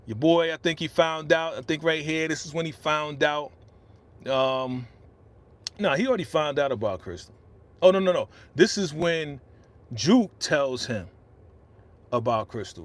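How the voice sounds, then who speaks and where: A man's voice: mid-range voice, fairly bright tone. A middle-aged man hosting a casual live-stream reaction, ranting with feeling and reading out viewer comments on a podcast microphone. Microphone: podcast studio microphone.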